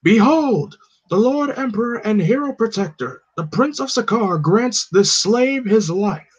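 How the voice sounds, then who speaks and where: A man voicing a pompous male herald making a loud, grand proclamation, on a slightly dull recording. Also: high-pitched, expressive, a little slow, breathy edge, voice pushed up, heavily acted. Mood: proclaiming.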